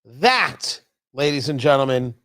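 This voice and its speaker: A man's voice: mid-range voice, animated, measured pace, a bit bright. A man hosting a political talk show from a studio, talking in an indignant, mocking and emphatic way. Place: radio studio.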